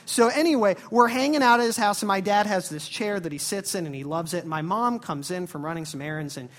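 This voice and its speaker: A male pastor delivering a sermon in a church service. His delivery is lively and conversational, like storytelling. He drops to quiet asides and then jumps into loud, punchy bursts. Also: high-pitched, a little fast.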